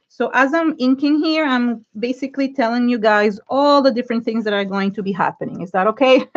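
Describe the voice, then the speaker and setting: A middle-aged woman with an Israeli accent, chatting frankly and effusively to viewers on an art livestream, rambling with many fillers and restarts. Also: fairly high pitch. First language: Hebrew. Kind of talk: casual livestream chat while inking. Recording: dull lo-fi livestream audio.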